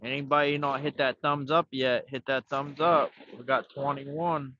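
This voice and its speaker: A man's voice: medium pitch, little pitch movement, moderate pace, bright, forceful tone, slight background noise. A man hosting a fishing livestream outdoors, chatting in a laid-back, rambling way into his phone. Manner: laid-back, talks to himself while fishing. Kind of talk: casual rambling live chat. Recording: dull lo-fi phone audio.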